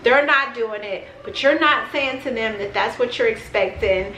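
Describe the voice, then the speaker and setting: A woman's voice: fairly high pitch, moderate pace, pushed and bright, a little hiss or hum. A woman vlogger giving casual advice straight to the camera, talking conversationally and repeating phrases for emphasis. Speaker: parenting vlogger. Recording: roomy echo.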